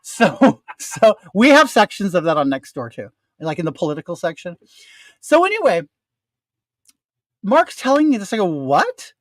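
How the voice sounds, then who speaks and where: Older man ranting through a lively story. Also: sits high, normal speed, no echo. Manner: animated, profane, ranting. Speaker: storyteller addressing his audience. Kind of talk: casual storytelling.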